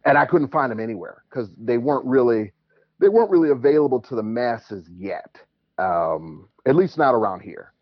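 A man's voice: mid-range voice, no room sound, highs cut off. A man calling in to a show and telling stories in a casual, chatty way, laughing easily. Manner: animated, chatty, quick to laugh. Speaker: caller. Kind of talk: casual storytelling.

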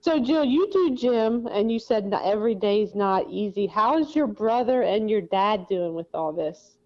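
A woman's voice: medium pitch, animated, moderate pace. A woman hosting a podcast, speaking candidly and encouragingly, with blunt language at times. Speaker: podcast host. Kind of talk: casual conversation. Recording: dull lo-fi sound.

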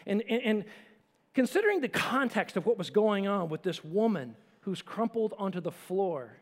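A man preaching a sermon with emphasis, swinging between forceful lines and hushed ones. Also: high-pitched, sing-song, moderate pace, in a large hall. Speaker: pastor.

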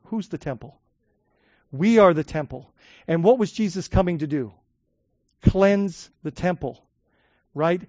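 A man preaching a sermon in a conversational way, with frequent restarts and "right?" asides, swinging from loud emphatic lines to soft low ones. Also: dry recording, highs cut off. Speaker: pastor.

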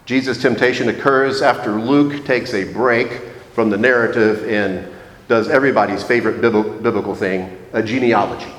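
Homme prêchant un sermon mesuré dans une église qui résonne. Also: male voice, fairly low pitch. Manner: measured, reflective, slows for emphasis. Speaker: preacher. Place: church sanctuary. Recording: echoey church hall.

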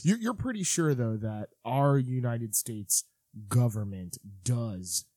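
A man co-hosting a podcast in casual chat, rambling with halting restarts. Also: mid-range voice, expressive, mellow, no echo, studio quality. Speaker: podcast co-host.

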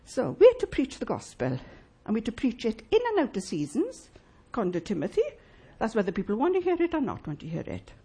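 Woman pastor, husky, lively, emphatic sermon delivery with rhetorical questions. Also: fairly high pitch, brisk, few pauses. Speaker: preacher. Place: church.

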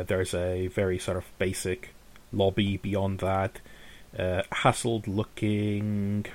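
A man as game master, describing scenes in a relaxed, rambling way. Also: lowish voice. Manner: relaxed, rambling, with fillers and laughs. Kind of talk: narrating a tabletop game.

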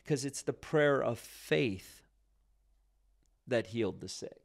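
Casting: gravelly-voiced man, pastor type, earnest and reflective, conversational. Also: medium pitch, animated, takes it slowly. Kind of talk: casual faith conversation.

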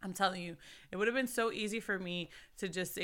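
Bright, smooth-voiced woman preaching encouragement. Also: fairly low pitch, a little fast. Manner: earnest, preachy, urges the listener. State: recovering from losing her voice. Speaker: podcast host. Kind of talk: faith encouragement talk.

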